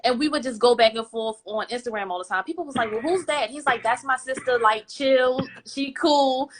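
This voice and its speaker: A woman's voice: high voice, a little fast, a little hiss or hum. A woman guest on a podcast live stream, chatting casually and acting out quotes as she tells stories. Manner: animated storyteller acting out quotes.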